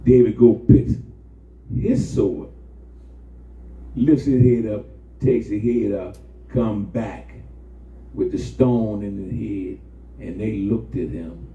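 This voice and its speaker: A man preaching a sermon, telling stories with animated call-and-response. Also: on the low side, takes it slowly, long pauses. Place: church. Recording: echoey church from far off, phone-like sound.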